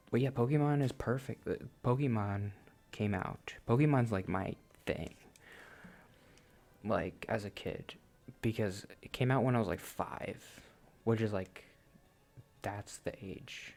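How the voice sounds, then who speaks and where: Slow and lowish, with a darkish tone and frequent pauses, this man in his late twenties rambles through casual let's-play chat on his gaming channel. He's self-deprecating and often laughs at himself.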